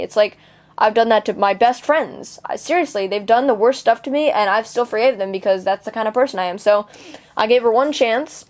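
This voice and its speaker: A teenage vlogger with a fairly high, brisk voice airs her grievances to camera about a personal experience. Indignant and free with swearing, she restarts often and uses many fillers.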